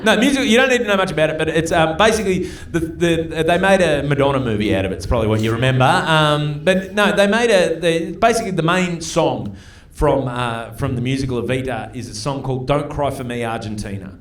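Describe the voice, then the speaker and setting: A rather high-voiced Australian man in his forties works a comedy club crowd with a chatty, profane stand-up set. He is heard from some distance off the mic, and the room adds a clear echo. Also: expressive, a little fast, hardly any pauses. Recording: roomy live club sound from a distance.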